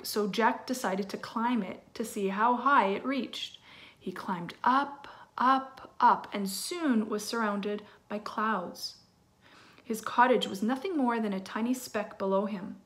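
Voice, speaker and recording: A woman teacher reading a children's storybook aloud in an expressive way, with asides to her listeners. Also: mid-range voice, measured pace.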